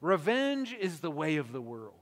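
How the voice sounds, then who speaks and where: A man's voice: fairly high pitch, big pitch swings, normal speed. A pastor in his thirties or forties preaching a sermon to a gathering, building his points through emphatic repetition. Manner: emphatic, repetitive build-ups with rising force. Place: large church gathering hall.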